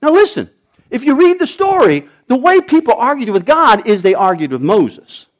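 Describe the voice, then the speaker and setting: A middle-aged male pastor delivers a sermon at normal speed in a high, lively voice that swoops up and down. He tells the story dramatically, shouting lines as he acts out the characters.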